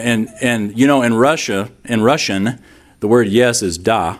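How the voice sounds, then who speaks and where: A man's voice: lowish voice, measured pace. A middle-aged man preaching a sermon as a pastor, telling stories and acting out the people in them. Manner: storytelling, acting out quoted voices.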